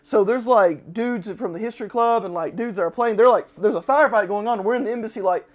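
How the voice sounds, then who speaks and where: A man, a podcast host, telling a long story casually and acting out the quotes with sudden shouts. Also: high voice, quick pace. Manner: animated, acts out quotes with loud shouts.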